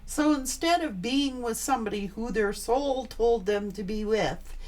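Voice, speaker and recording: A woman's voice: on the high side, a little slow, a little mellow. A woman giving a tarot reading, blunt and emphatic, swearing freely as she talks. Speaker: tarot reader.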